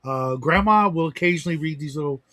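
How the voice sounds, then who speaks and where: Hosting a livestream, he talks loosely and wanders, restarting often and tossing in asides. The voice is fairly high, fast, and sounds pushed and bright.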